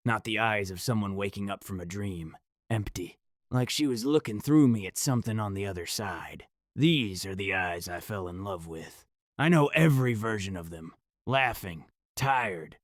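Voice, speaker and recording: Low-voiced man narrating horror, dry sound. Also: no room sound. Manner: dramatic, measured, first-person. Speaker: storyteller.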